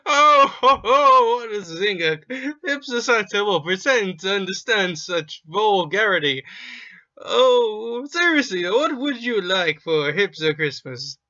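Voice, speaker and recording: A man voicing a pompous, posh hipster Santa who speaks in a drawn-out, affected way, heard over muffled lo-fi audio. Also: very high voice, bright, forceful tone, smooth, no echo. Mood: haughty. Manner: haughty, affected, drawn-out delivery.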